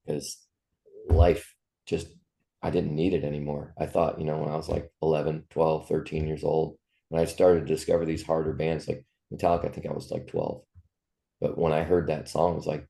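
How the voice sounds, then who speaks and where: A man in his fifties speaks from an extremely low register, his voice thick with gravel. The tone is dark and mellow. He tells personal stories in an interview in a raw, profane, heartfelt way. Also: fairly even intonation, moderate pace. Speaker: musician guest. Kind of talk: candid interview storytelling.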